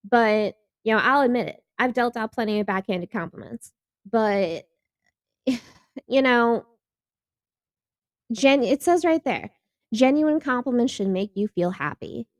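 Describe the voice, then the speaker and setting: A woman's voice: on the high side, expressive, unhurried, long pauses, no room sound. A woman hosting a reaction video in a casual, chatty way, laughing often and acting out quoted lines.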